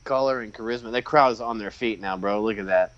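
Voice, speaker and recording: A man co-hosting a podcast, chatting casually while watching wrestling and reacting with excited outbursts and frequent laughter. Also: lowish voice, quick pace. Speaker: podcast co-host. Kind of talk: casual watch-along chat. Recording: dull lo-fi recording.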